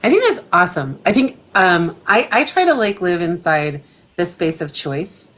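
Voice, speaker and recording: A woman's voice: lowish voice, sing-song, moderate pace, a bit bright, poor audio. Chatty middle-aged woman, laughs often. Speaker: guest photographer. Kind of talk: casual chat.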